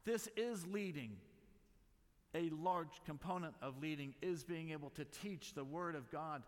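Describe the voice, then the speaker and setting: A man's voice: fairly high pitch, steady tone, normal speed. A middle-aged man and missionary giving an emphatic conference teaching talk, stacking lists of repeated words and apologizing for hurrying. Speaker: missionary speaker. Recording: long reverb of a large hall.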